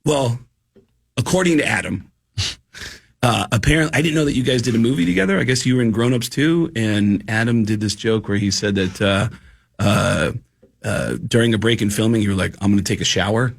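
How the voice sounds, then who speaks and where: A man, a guest comedian, telling animated stories in casual chat on a radio podcast. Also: mid-range voice, fairly quick, creaky. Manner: animated storyteller, doing voices in anecdotes.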